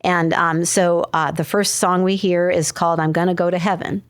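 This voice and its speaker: A woman's voice: lowish voice, level tone, moderate pace, clear, resonant tone, dry recording, studio quality. A middle-aged woman, a mother and podcast guest, telling a family story in a loose conversational way. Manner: conversational, many "you know" fillers. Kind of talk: personal storytelling.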